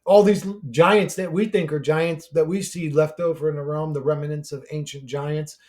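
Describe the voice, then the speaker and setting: A man's voice: fairly high pitch, fairly even intonation, moderate pace. A man ranting to camera as a YouTuber, profane and exasperated, his voice climbing as he gets angrier. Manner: profane, exasperated, rising to shouting. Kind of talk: angry conspiracy rant.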